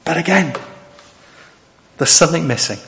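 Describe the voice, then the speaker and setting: A man's voice: fairly high pitch, lively intonation, moderate pace, creaky, pushed and bright. A male preacher giving an expository sermon, often asking the congregation questions. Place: church hall. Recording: dull sound with long hall reverb.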